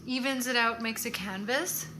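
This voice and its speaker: A woman's voice: on the high side, normal speed, background noise. A woman co-hosting a casual makeup tutorial, playful and giving tips as she goes. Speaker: co-host of a makeup channel.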